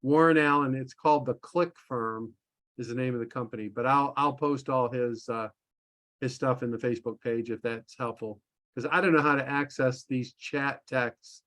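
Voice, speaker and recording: Bright-voiced man hosting a Zoom chat. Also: medium pitch, fairly even intonation, normal speed. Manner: chatty, friendly, stumbling restarts. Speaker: workshop host. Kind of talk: casual Zoom group chat. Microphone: video call.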